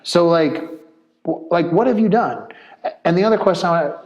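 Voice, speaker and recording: A retired police officer speaking in a casual interview, blunt and animated, full of "like" and "man". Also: a little high, a little fast, lo-fi sound.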